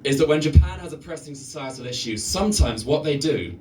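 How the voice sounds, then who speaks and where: A man's voice: mid-range voice, a little fast, darkish tone, recorded from a distance, a little hiss or hum. A man doing a stand-up set on stage, rambling, swearing and laughing at his own jokes. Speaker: stand-up comedian. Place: live venue stage.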